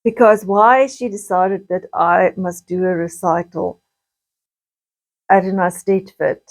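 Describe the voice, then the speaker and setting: A middle-aged woman, slowly recounting painful childhood memories in a halting personal monologue. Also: mid-range voice, a little mellow, low-quality recording. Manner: slow, halting, with frequent restarts and pauses.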